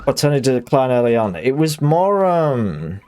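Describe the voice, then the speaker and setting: A man's voice: mid-range voice, very animated, measured pace, warm tone, clear, resonant tone. A young adult man, streaming a game and chatting in a rambling, self-deprecating way. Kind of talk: casual chat while gaming.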